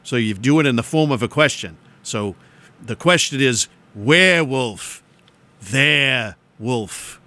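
A man's voice: medium pitch, normal speed, a bit bright. A man DJing on radio, rambling and joking between songs from a studio mic. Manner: joking, rambling, self-mocking.

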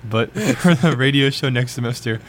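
A man's voice: medium pitch, normal speed, slight background noise. A young man co-hosting a college radio show, chatting casually and rambling with lots of filler words. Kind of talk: casual chat.

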